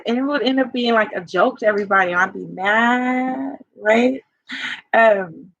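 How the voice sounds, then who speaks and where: Husky woman talking in a rambling way. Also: a little high, expressive, moderate pace, no echo. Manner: rambling, confessional, many fillers. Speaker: life coach. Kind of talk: personal vlog. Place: home by a fire. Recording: dull lo-fi sound.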